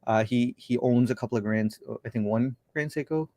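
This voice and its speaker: Man, livestream host, casual chat, rambling, mid pitch, dry close sound. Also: moderate pace, dark tone, no room sound. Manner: rambling, thinking aloud. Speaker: show host.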